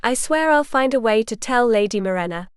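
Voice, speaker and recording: A woman voicing a proud, stubborn young noblewoman who speaks indignantly and with a sharp tongue. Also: a little high, lively intonation, fairly quick, smooth, dry recording, studio quality, natural voice.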